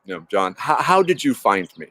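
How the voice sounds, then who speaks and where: A man's voice: medium pitch, big pitch swings, brisk, fairly bright tone, dry recording. A man voicing a frustrated male game warden in a told joke, muttering in exasperation. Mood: exasperated.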